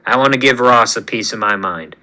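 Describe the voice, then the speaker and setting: A man voicing a blunt, defiant male soldier with a gruff manner. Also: mid-range voice, a little fast, bright, forceful tone, pitched below the performer's own voice, poor audio.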